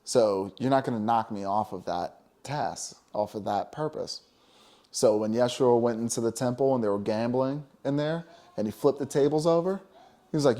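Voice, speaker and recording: A man's voice: medium pitch, normal speed, warm tone. A man co-hosting a casual spiritual talk show, talking emphatically and preaching, with many "you know?" asides. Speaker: podcast co-host.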